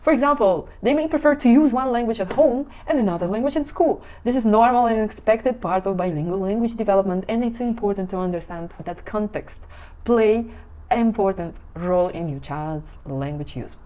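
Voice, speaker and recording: Woman, thirties, relaxed mellow tone, talks parents through examples in plain, slightly non-native English. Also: mid-range voice, fairly quick. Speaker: parenting language educator. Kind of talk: casual informational talk.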